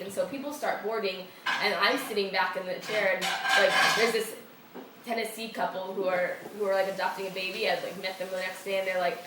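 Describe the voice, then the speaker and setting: A woman telling a story in a casual, animated way, filling her talk with "like" and acting out what people said. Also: mid-range voice, fairly quick. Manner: animated, fills speech with "like", acts out quotes. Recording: roomy, distant, noisy room recording.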